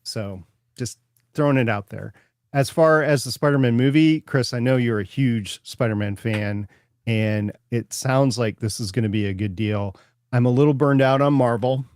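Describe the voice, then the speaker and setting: A man's voice: mid-range voice, normal speed, a little mellow, no echo. Chatty Minnesotan man, dry close sound. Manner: chatty, rambling with repeated starts. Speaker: podcast host. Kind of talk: casual chat.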